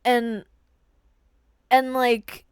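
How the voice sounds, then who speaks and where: A woman's voice: a little high, level tone, extremely slow, clean tone, dry recording, clean studio sound. A woman streaming herself as she reacts to a movie, chatting casually, rambling, and often repeating words as she trails off. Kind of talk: casual live-stream commentary.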